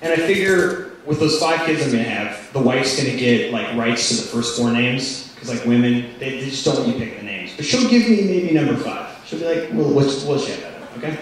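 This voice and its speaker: A man doing a stand-up comedy set in a rambling style full of "like" fillers, with sudden loud outbursts. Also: medium pitch, animated, fairly quick, a crowd in the background. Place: comedy club stage. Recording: echoey club recorded from far off with audience. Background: audience laughter.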